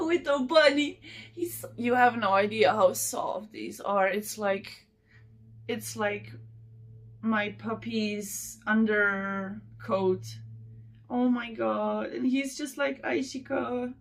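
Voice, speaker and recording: Slow-talking gushing woman vlogger. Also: fairly high pitch, creaky. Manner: gushing, addresses viewers directly. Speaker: channel host. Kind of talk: casual unboxing chat to viewers.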